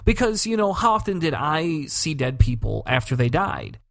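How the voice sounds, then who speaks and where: A man's voice: fairly high pitch, sing-song, moderate pace, creaky, a bit bright, dry recording, clean studio sound. A man co-hosting a podcast in casual chat, telling a story with energy, swearing freely and acting out the quotes. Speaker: podcast co-host.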